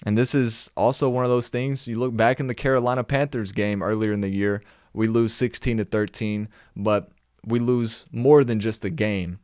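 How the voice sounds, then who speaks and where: A man's voice: fairly low pitch, fairly even intonation, normal speed, darkish tone, clear, resonant tone, dry recording. Exasperated man recapping football, dry sound. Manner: exasperated, rhetorical questions, reading from notes. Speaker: podcast host recapping games. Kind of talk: casual live-stream recap.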